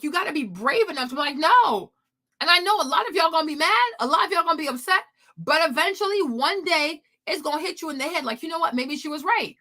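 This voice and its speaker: A woman hosting a casual commentary stream, talking to viewers in an animated, emphatic way and acting out her own past reactions. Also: sits high. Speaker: host.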